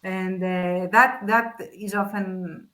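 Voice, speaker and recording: Lady chatting on a podcast, bright clear voice, frank and chatty. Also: medium pitch, steady tone, poor audio. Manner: frank, chatty, quick to laugh. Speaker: podcast co-host. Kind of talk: casual chat.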